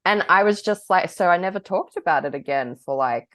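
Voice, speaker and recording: A woman's voice: fairly low pitch, expressive, fairly quick, a bit bright. A woman co-hosting a podcast, talking candidly and rambling, often laughing between thoughts. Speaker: podcast co-host. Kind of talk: casual chat.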